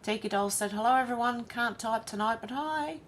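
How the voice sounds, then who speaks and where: A woman's voice: a little high, moderate pace, slight background noise. An Australian woman hosting a casual livestream, chatting and reading viewer comments aloud one by one. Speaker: livestream host.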